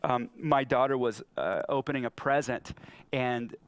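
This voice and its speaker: At a measured pace and with a clean tone, a man in his thirties preaches in a church hall as the pastor. His sermon is storytelling, and he performs each quoted line with big pitch leaps.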